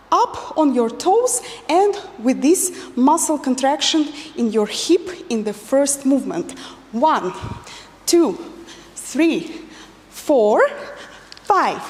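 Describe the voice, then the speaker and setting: High, lively woman teaching dance. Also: in a large hall. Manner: counts beats and repeats cues rhythmically. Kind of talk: dance lesson instruction with counting.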